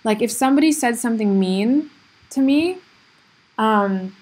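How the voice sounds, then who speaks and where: A woman's voice: on the high side, animated, unhurried, darkish tone, husky. A woman host talking alone on her podcast in an earnest, self-reflective way, with lots of "like" and "you know" fillers. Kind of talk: solo reflective podcast monologue.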